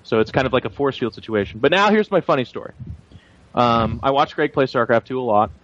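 A man's voice: medium pitch, expressive, brisk, fairly bright tone. A man co-hosting a gaming podcast, joking and opinionated with some swearing. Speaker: podcast co-host. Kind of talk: casual gaming podcast chat. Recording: slightly dull lo-fi sound with faint noise.

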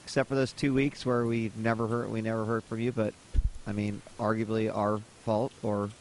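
A man's voice: fairly low pitch, little pitch movement, moderate pace, a little mellow, slight background noise. A man hosting a podcast, wrapping up with easygoing, wry remarks. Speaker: podcast host. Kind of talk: show sign-off.

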